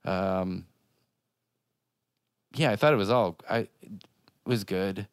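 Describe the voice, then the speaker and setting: A man's voice: low-pitched, takes it slowly, clear, resonant tone, no room sound, studio quality. A man co-hosting a podcast in casual chat, rambling with many filler words. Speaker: podcast co-host.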